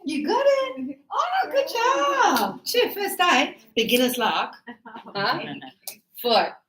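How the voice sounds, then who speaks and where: Woman, English teacher, high voice, patient and encouraging, classroom lesson, roomy echo. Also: big pitch swings, slow pace, fairly bright tone. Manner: patient, encouraging explaining with examples. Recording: echoey classroom sound.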